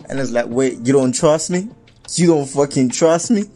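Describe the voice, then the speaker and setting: Animated young Nigerian man telling a story. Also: mid-range voice, fairly quick, faint music behind. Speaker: vlogger. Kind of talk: casual storytelling.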